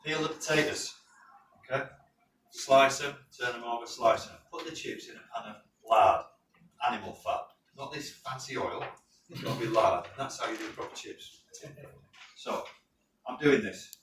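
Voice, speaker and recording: Northern english bloke lecturing a class, keeps asking "right?", faint hiss in the background. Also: male voice, medium pitch, moderate pace, pauses often, a bit bright. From North of England. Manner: chatty, asks the class questions and checks in with "right?". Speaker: safety course instructor. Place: training classroom. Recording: roomy, distant mic with faint noise.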